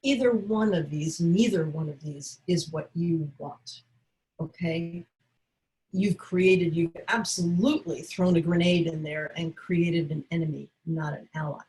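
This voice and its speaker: A woman's voice: on the low side, a little slow, darkish tone, poor audio. A woman teaching caregivers, coaching them and acting out short dialogue examples. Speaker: caregiving educator. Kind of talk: instructional talk.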